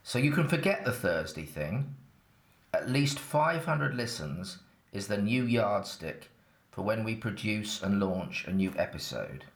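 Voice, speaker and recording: A man's voice: on the low side, animated, measured pace, roomy sound. An English man with a slight Essex accent, telling his own story in a chatty, matter-of-fact, slightly cheeky way. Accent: Essex-tinged English. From England. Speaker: narrator. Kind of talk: first-person scripted storytelling.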